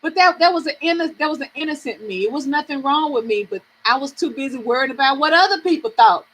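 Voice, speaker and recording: A woman's voice: high-pitched, lively intonation, quick pace, fairly bright tone, a little hiss or hum, rough recording. A middle-aged woman from the American South, hosting a live reading stream and chatting frankly with viewers, swearing freely and laughing often.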